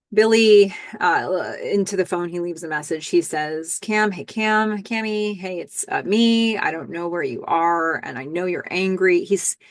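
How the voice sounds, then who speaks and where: A woman's voice: fairly low pitch, no room sound. Chatty woman recapping a TV episode. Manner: chatty, stammers and restarts, acts out quoted lines. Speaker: podcast host. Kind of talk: TV episode recap, casual narration.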